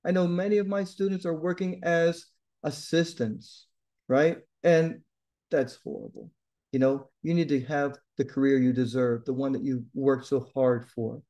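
A man's voice: medium pitch, steady tone, normal speed, warm tone. A man teaching a test-prep lesson straight to his viewers, emphatic and blunt but encouraging. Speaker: TOEFL tutor. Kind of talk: direct-to-camera lesson.

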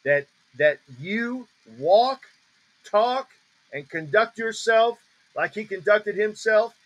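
On a ministry call, a man teaches in a preaching style, slowly repeating emphatic declarations and stressing each word heavily. His voice sits high and the sound is lo-fi.

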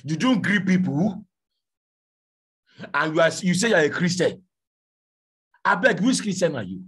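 A man preaching a fiery sermon, shouting and pleading, firing questions at his congregation. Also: a little high, big pitch swings, normal speed, breathy edge.

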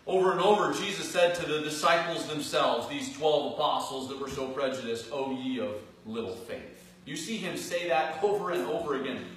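A male pastor preaching a sermon in a church, earnest, rising into loud emphatic phrases and dropping to soft asides. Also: a little high, brisk, hardly any pauses. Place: church sanctuary. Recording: distant, very echoey church hall recording with faint noise.

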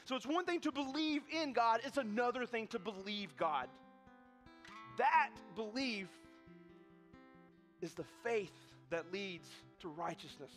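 High-voiced, lively preacher man. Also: unhurried, pauses often, soft background music. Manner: animated, repetitive restarts, acts out quoted voices. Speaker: pastor. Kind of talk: sermon with storytelling. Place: church sanctuary.

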